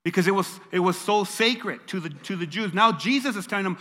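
Older pastor, high bright voice, hall echo. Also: male voice, brisk, hardly any pauses. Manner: emphatic, repeats phrases for stress. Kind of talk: sermon. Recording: long reverb of a large hall.

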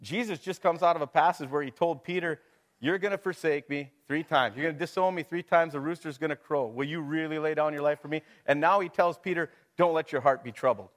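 A middle-aged pastor with a slightly high voice preaches a sermon to his congregation at a brisk pace. He talks it through casually, tossing in rhetorical questions and chuckles.

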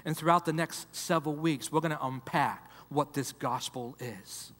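A male pastor preaching a sermon in a church, repeating phrases and swinging between loud emphasis and hushed, quiet passages. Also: on the high side, normal speed, hardly any pauses. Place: church sanctuary. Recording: long hall reverb.

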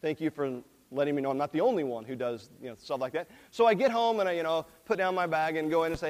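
A man's voice: fairly high pitch, fast, few pauses. A male pastor giving a sermon in a church, talking conversationally and putting questions to the congregation. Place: church sanctuary. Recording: long reverb in a large hall.

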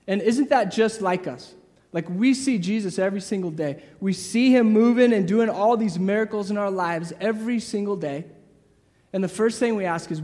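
A man delivers a sermon in a high voice. He talks casually and acts out the voices of the people in the story. His words carry a long echo from a large hall. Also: normal speed. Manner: lively, acts out crowd voices, casual asides. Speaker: preacher.

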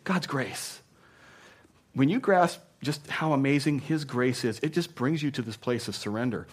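A man preaching a sermon as pastor, speaking conversationally and punching key words loudly before dropping to a hush. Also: medium pitch, moderate pace, husky. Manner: emphatic, swinging between punchy loud lines and hushed asides; conversational, with frequent "you know".

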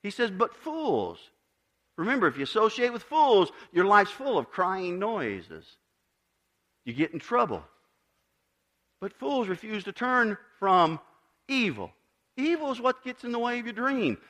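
A man preaching a sermon as pastor, building to emphatic swells and then dropping to quiet, measured lines. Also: high voice, very animated.

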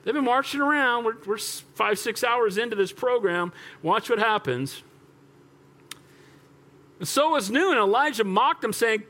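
An older male pastor preaches with a high-pitched voice that swings up and down. His delivery is animated and storytelling, and he punctuates points with calls for an amen. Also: normal speed. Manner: animated, rhetorical, calls for amens. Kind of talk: sermon.

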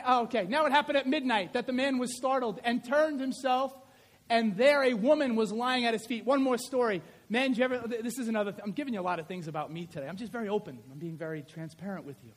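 A man preaching a sermon, telling stories with energy and acting out scenes. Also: extremely high pitch. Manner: animated storytelling, acts out scenes.

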